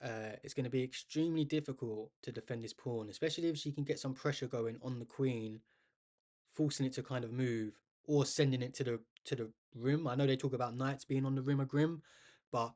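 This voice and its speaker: A man's voice: medium pitch, fairly even intonation, a little fast, darkish tone. Chatty man commentating live chess. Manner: chatty, addresses viewers as guys, thinks aloud with restarts.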